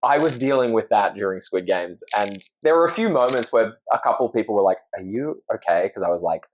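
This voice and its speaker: A man's voice: on the low side, animated, fast, slight background noise. A young Australian man with an Australian accent, chatting earnestly and openly as a podcast guest. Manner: earnest, open, laughs easily. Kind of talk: casual chat.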